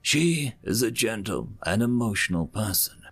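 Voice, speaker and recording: A man voicing a composed alien noble who speaks gently and formally to his mother. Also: lowish voice, animated, moderate pace, slightly rough, full character voice. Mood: patient.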